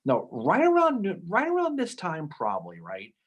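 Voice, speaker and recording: Animated husky man telling history. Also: sits high, moderate pace. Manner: animated storytelling, acts out quotes, frequent "okay?" and "right?". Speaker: podcast co-host. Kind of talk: casual history podcast chat.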